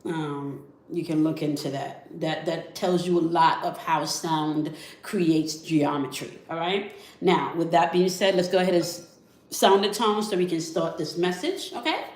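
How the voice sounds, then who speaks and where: A woman leading a guided spiritual energy check-in, calm and coaxing, who often ends her phrases with "okay?". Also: deep voice, unhurried. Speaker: spiritual reader. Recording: echoey room.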